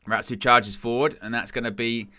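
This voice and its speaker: A man's voice: medium pitch, fairly even intonation, normal speed, bright, forceful tone. A man hosting a live football watchalong, joking, laughing often and reading out the chat. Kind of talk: live match watchalong commentary.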